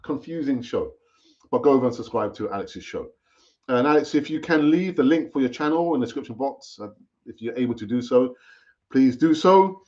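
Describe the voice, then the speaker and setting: A man's voice: mid-range voice, animated, a little fast, a little mellow. A man hosting a live football fan stream, chatting casually and repeating himself as he urges viewers to comment. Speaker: fan channel host. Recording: dull lo-fi stream audio.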